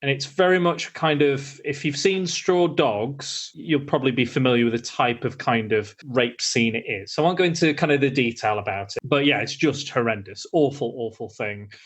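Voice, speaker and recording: A man's voice: medium pitch, moderate pace, hardly any pauses, a bit bright, husky. A man hosting a casual podcast, recapping a film plot with stammered starts. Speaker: podcast host.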